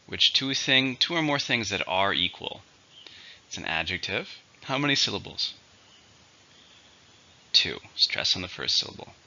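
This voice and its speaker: Male English teacher, bright tense voice, dull lo-fi sound, clear drilling delivery. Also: fairly low pitch. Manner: clear, slow drilling of words and stress. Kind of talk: vocabulary lesson. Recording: dull lo-fi recording.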